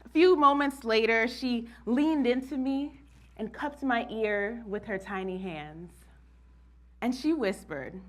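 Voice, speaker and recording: A woman's voice: fairly high pitch, expressive, takes it slowly. A woman from New Jersey performing a spoken-word monologue, telling her story expressively and laughing often. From New Jersey, USA.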